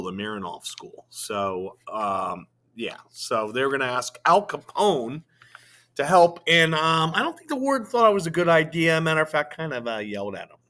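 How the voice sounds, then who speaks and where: A male teacher reads a novel aloud to his class, slowly and expressively, with fillers between phrases. His voice is bright and clear, and his pitch moves a great deal. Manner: slow, expressive reading with fillers. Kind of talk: reading a novel aloud to students.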